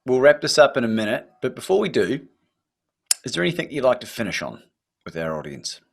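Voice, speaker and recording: Gravelly, lively male podcast host. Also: mid-range voice, brisk. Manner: upbeat, announcer-like. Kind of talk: podcast interview wrap-up.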